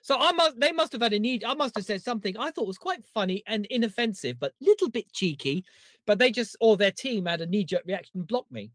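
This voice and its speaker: Lively podcaster, dry sound. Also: medium pitch, fast, no echo. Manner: storytelling, irreverent, lively. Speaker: podcast co-host. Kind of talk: casual chat.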